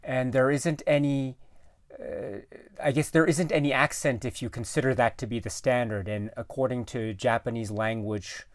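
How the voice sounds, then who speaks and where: A man talking as a guest in a casual film discussion, halting and searching for his words with many restarts. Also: mid-range voice, fairly even intonation, dry recording, studio quality. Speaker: guest commentator.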